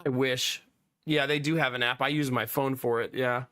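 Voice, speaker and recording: A man streaming live, telling a story casually to his chat in an animated, exasperated way and laughing often. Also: mid-range voice, normal speed, clean tone. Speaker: live streamer chatting with viewers.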